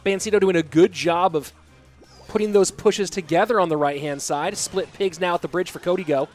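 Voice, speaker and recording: A man casting live esports play-by-play, chatty and reading out viewer messages between plays, getting excited at big plays. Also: high voice, brisk, faint music behind. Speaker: esports caster and stream host. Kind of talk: live play-by-play game commentary.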